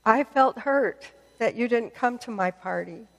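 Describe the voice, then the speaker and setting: A woman voicing a remorseful young man who slowly and softly pleads to be forgiven. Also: fairly high pitch, in a large hall, dull audio. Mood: humble, pleading. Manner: slow, soft, apologetic pleading. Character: remorseful young adult man, humble prodigal son.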